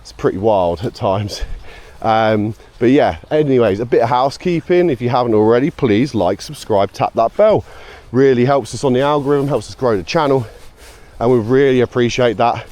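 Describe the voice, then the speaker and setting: A man's voice: mid-range voice, normal speed, a little mellow. A British man chatting casually to camera while out walking his dog, rambling, with sarcastic asides. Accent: British English. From United Kingdom. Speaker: vlogger.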